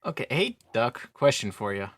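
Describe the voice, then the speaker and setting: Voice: mid-range voice, big pitch swings, moderate pace, slightly rough, dry recording. A player in a tabletop game, easygoing and laughing a lot. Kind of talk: casual tabletop game chat.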